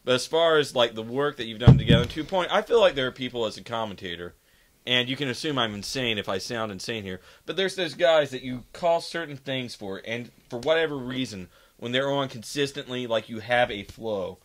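A man's voice: mid-range voice, brisk, fairly bright tone. Joking, profane male podcast host. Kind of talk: casual interview chat.

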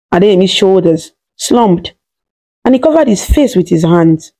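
A woman reading a scripted story in a steady, dramatic way. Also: medium pitch, unhurried.

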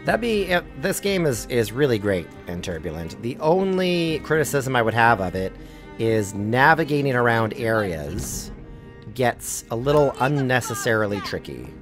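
A man streaming a game live, chatting casually and reacting loudly to what happens on screen. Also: mid-range voice, very animated, normal speed. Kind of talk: live gameplay commentary. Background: game music.

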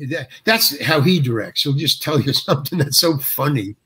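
Husky older man telling stories. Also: on the high side, lively intonation, bright, forceful tone. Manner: halting, restarts, chuckles through stories. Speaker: actor guest. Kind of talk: anecdotal interview storytelling.

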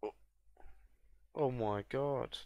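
Excitable gravelly gaming commentator man. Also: very slow, no room sound. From Australia. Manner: excitable, bursts into high yelps and laughs. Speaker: gameplay commentator. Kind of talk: casual let's-play commentary.

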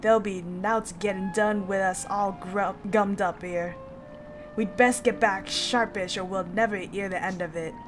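A woman's voice: mid-range voice, steady tone, unhurried, music in the background, close to an everyday voice. A woman voicing a blunt, cheerful male shipwright foreman in a broad Northern English accent, reading game dialogue. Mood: hearty. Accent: Northern English, put on. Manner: broad dialect, rough and hearty.

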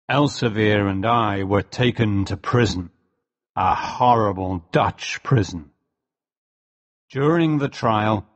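Slow, low-voiced male story narrator. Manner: slow and clear, for language learners. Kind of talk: graded-reader story narration.

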